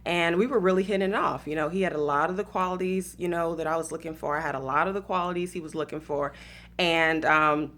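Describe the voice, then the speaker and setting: A woman with a Southern Atlanta accent talks to her listeners in a casual, storytelling monologue. Her voice sits slightly low, and she keeps it chatty with lots of fillers and preachy asides about faith and relationships. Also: fast, fairly bright tone. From Atlanta, Georgia, USA. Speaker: speaker giving relationship advice.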